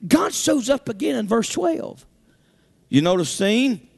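A male pastor with a very high voice delivers a sermon at an unhurried pace. He is emphatic, often breaks into shouts, and calls out to the congregation. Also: sing-song, creaky, breathy edge.

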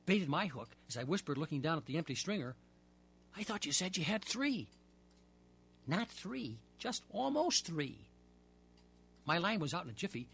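Husky man reading a lively children's story. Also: a little high.

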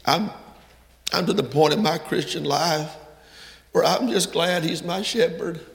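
A man preaches, his voice gravelly and slightly high. His delivery is fervent and builds to loud, emphatic peaks. The recording carries a long reverb that makes the hall sound big and distant. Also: measured pace. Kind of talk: sermon. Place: church sanctuary. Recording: echoey hall from far off.

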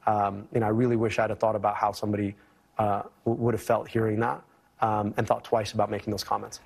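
A man's voice: fairly low pitch, flat delivery, vocal fry, darkish tone, breathy edge. A man answering an interview question, speaking hesitantly with restarts. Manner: hesitant, halting.

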